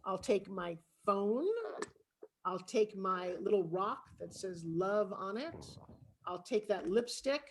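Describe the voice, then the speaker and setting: A middle-aged woman, a podcast interview guest, telling a personal story in an animated, emphatic way over a remote video call. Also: mid-range voice, slow pace, a little hiss or hum.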